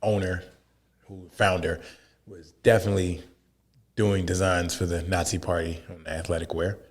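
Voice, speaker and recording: Blunt, low-voiced man ranting on a podcast. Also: level tone, moderate pace. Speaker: podcast co-host. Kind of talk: casual chat. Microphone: headphones and podcast mic.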